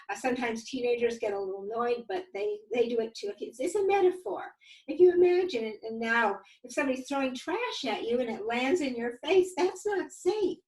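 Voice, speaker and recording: A woman's voice: fairly high pitch, poor audio. A woman presenting an instructional webinar, telling stories and explaining techniques, often hesitant with fillers and restarts. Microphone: video call.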